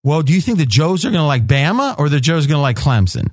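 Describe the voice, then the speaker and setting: A man hosting a sports betting roundtable, pressing the others with rapid-fire questions and often cutting in. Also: fairly high pitch, very animated, a little mellow, dry recording, clean studio sound. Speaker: host.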